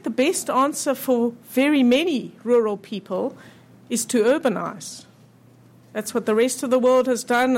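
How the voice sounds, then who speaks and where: A middle-aged woman delivers a prepared talk. Her voice sits high. She argues in a measured, persuasive way and uses stories from her work to make her points. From South Africa. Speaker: speaker.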